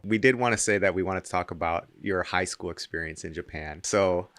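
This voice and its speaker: A man hosting an interview in a relaxed, conversational way, asking questions in English and Japanese. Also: deep voice, brisk, few pauses, soft background music. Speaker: host. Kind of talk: casual interview chat.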